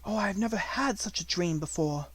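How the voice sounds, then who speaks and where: Give me a man playing a tender little girl, breathless and hushed, with a high voice. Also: fairly quick, husky, dry recording, poor audio. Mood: breathless, wondering. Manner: breathless, hushed, rising to excited cries.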